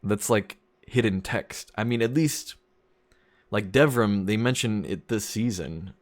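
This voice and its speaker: A man's voice: fairly low pitch, a little slow. A young man streaming a game, chatting casually and rambling, often chuckling at his own jokes. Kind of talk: casual gameplay commentary.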